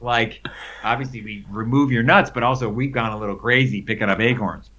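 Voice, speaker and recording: A man's voice: mid-range voice, fairly quick, sharp tone, a little hiss or hum. A man telling rambling stories in a casual conversation, with many fillers and frequent laughs. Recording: dull lo-fi recording.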